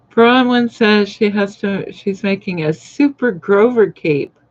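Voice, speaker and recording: A woman with a mid-range voice takes it slowly as she hosts her sewing channel's casual live chat, greeting viewers by name and rambling while she works. The live-stream audio is dull and lo-fi.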